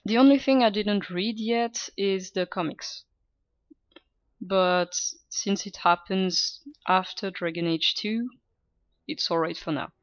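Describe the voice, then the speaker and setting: Slow, hesitant woman streamer. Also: mid-range voice, no echo, highs cut off. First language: French. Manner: hesitant, chatty, self-mocking, with frequent laughs. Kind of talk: casual gameplay chat.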